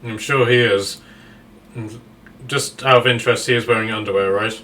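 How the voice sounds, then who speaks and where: A man's voice: lowish voice, fairly even intonation, moderate pace, sharp tone, slight background noise. A man voicing a dry, unimpressed male adventurer in a tabletop game.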